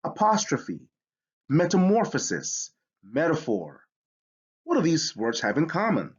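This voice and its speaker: A man's voice: a little high, wildly swooping pitch, unhurried, slightly rough, highs cut off. A man teaching a spelling lesson, explaining with enthusiasm. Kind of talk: educational lesson.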